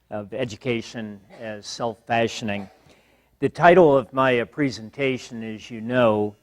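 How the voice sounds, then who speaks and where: An older man giving a university guest lecture in a measured, wry way, pausing often with fillers. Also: mid-range voice, no echo. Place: lecture hall.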